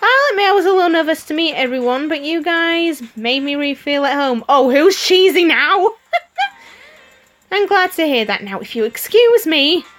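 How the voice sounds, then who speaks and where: A woman streamer reads a story game aloud in a high, animated voice, at a moderate pace and with a somewhat bright tone. She gives the dialogue playful voices, giggling and adding her own remarks between lines, while soft music plays behind her.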